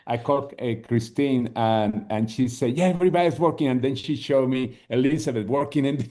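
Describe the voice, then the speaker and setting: A man giving brief, halting congratulations to a team on a group video call. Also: medium pitch, fairly even intonation. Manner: halting and warm, with hesitations.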